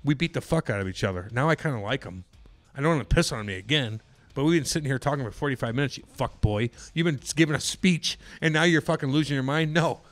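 A man's voice: mid-range voice, fast talker. A man co-hosting a podcast, telling crude stories in a rowdy, profane, joking way. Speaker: podcast co-host. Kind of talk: casual podcast banter.

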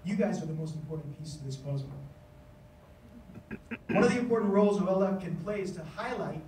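A man giving a conference speech as an education official, telling stories in a lively way and acting out the voices he quotes. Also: sits high, fairly quick, echoey room, far from the mic, slight background noise, rough recording. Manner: animated storytelling, acts out quoted voices. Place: conference hall.

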